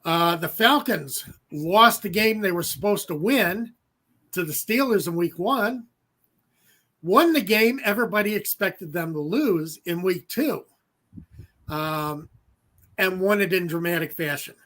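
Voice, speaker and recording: High, bright-voiced man talking football. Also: unhurried. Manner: loose and chatty, many fillers, jokes and chuckles. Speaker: sports podcast co-host. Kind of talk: casual sports chat.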